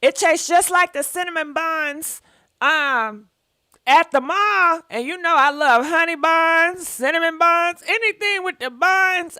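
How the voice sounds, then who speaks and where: A woman's voice: extremely high pitch, unhurried, pushed and bright, no room sound, studio quality. A woman hosting a call-in show, chatty and encouraging, speaking straight to her listeners. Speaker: talk show host. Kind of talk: casual chat.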